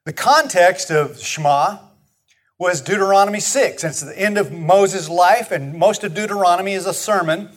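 A man's voice: sits high, normal speed. A man with a Texan accent preaching a sermon, folksy and emphatic, leading the congregation to repeat words after him. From Texas. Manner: folksy, emphatic repetition, leads the congregation in call-and-response. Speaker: pastor.

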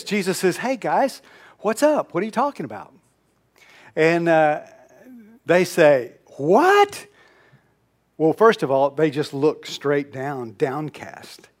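A man with a fairly high voice delivers a sermon as a pastor, telling stories in an easy conversational way. He presses some phrases loudly, then sinks to a hushed, almost whispered tone. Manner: conversational storytelling, swings from loud emphasis to hushed near-whisper.

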